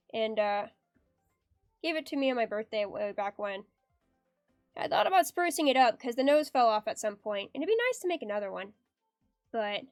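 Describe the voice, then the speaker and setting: Bubbly high-voiced woman streamer. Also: no echo. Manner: bubbly and giggly, reads chat aloud. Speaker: art streamer. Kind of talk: casual chat while drawing on stream. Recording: dry close sound with faint background music.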